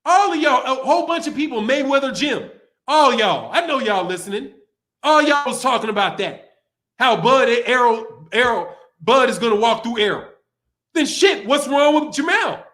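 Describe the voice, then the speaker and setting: A boxing channel host delivers a livestream commentary rant in a very high-pitched, animated voice at a moderate pace, slightly bright. He's heated and profane, laughing often and repeating himself as he talks.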